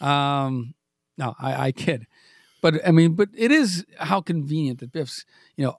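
Podcast host, forties, rambling and self-deprecating, stammers restarts, slightly high voice. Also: male voice, lively intonation, moderate pace, dry recording, clean studio sound. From New England. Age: 40s. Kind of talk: rambling comedic podcast chat.

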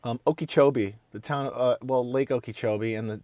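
A man from the American Midwest co-hosting a podcast in casual chat, rambling with halting restarts. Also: medium pitch, steady tone, a little mellow, no echo. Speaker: podcast co-host. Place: Florida.

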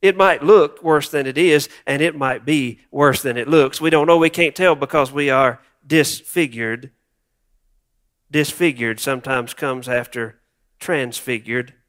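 A man's voice: medium pitch, a little slow, a bit bright. A male pastor preaching a sermon, reflective and wryly humorous, repeating words for emphasis.

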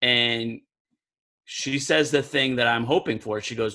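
A man's voice: mid-range voice, a little slow, bright, forceful tone. A young man telling a long story in casual chat, rambling and packing every phrase with "like". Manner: rambling, heavy use of "like". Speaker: podcast co-host.

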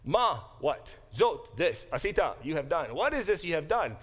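A man's voice: on the high side, big pitch swings, moderate pace, fairly bright tone, husky. A middle-aged man giving a classroom Bible lecture in a conversational way, explaining terms step by step. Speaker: Bible professor.

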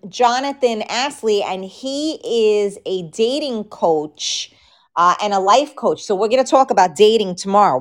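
A woman in her thirties from the Bronx with a New York accent, hosting a live show in frank, casual chat and answering viewer comments. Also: mid-range voice.

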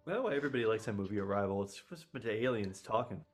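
A man's voice: lowish voice, animated, racing, faint music behind. A man joking and riffing in casual commentary while watching a movie with a friend, laughing often.

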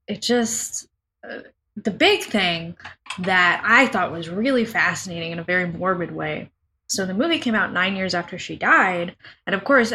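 Bright-voiced woman rambling on a podcast. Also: medium pitch, slight background noise. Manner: rambling, heavy use of "like". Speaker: podcast co-host. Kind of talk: casual chat.

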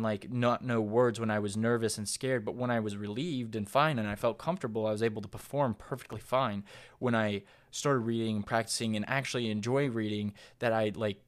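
A young man in his twenties hosting his own podcast, talking in a casual, earnest monologue that rambles and restarts. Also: fairly low pitch. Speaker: podcast host.

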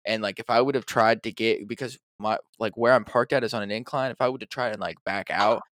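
A man from Ohio rambles through his point in easygoing chat. His voice is on the low side and the recording is dry and close. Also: fairly even intonation, quick pace, fairly bright tone, no echo. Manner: rambling, laid-back explaining. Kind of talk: casual chat.

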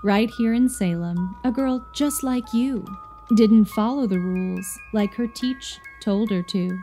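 Slow, measured woman reading a spooky poem. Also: mid-range voice, mellow, faint music behind. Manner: measured, playful storytelling. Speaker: poem reader. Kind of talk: narrating a rhyming spooky poem.

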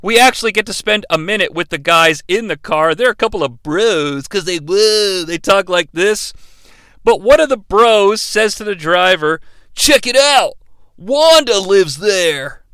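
A man with a high, bright voice recaps a movie in a lively, joking way. His tone is smooth and crisp, and the recording is dry and close with no room sound. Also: normal speed, no echo. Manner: animated, joking, breaks into impressions. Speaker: movie reviewer. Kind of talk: comedic movie recap commentary.

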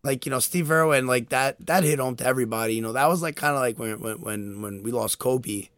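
A man's voice: medium pitch, fairly quick, fairly bright tone, no echo, studio quality. A young man in casual chat, telling a story animatedly with lots of fillers and laughter. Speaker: podcast co-host.

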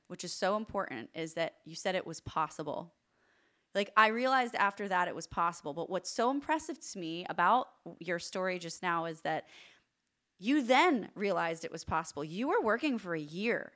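A woman's voice: mid-range voice, a bit bright. A woman hosting an interview podcast, talking with emphatic enthusiasm and praise for her guest. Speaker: podcast host. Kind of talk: interview conversation.

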